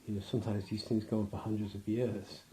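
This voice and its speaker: A man's voice: fairly low pitch, flat delivery, fast, mellow. Rambling man in a loose interview. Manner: rambling, restarts, acts out quotes with laughs.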